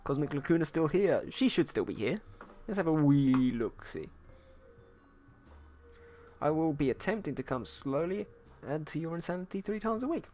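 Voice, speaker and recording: With faint music behind him, a man paints on a livestream and jokes with viewers as he reads their chat aloud. His fairly high, darkish voice is sing-song, at a moderate pace with long pauses; he's a livestreaming artist.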